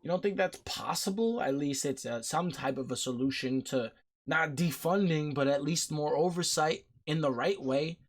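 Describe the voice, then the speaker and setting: Man, podcast host, blunt, heated, curses a lot, slightly high voice. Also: moderate pace. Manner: blunt, heated, swears often. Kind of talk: casual discussion.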